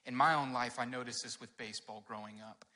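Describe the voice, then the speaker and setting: A man's voice: mid-range voice, steady tone, quick pace, sharp tone, in a large hall. A man working as a children and youth pastor, giving a casual, chatty children's sermon during a church service without his own microphone. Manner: casual, chatty, addresses listeners as "guys" with many fillers. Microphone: no personal mic, picked up by room sound.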